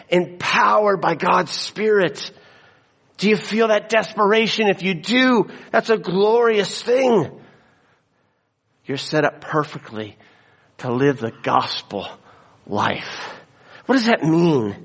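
A male pastor delivers a sermon in church at an unhurried, deliberate pace. His voice sits a bit high for a man and ranges widely, rising high on the emphatic lines and sinking low for the quiet ones. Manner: preaching with wide swings between soaring high passages and low quiet asides.

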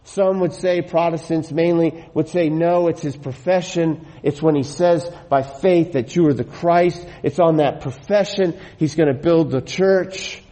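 A middle-aged man delivers a sermon at an unhurried, deliberate pace. His voice sits a little high for a man but sounds mellow and soft-edged rather than bright. He preaches earnestly, leaning on repeated phrases for emphasis. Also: fairly even intonation, low-quality recording. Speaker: pastor.

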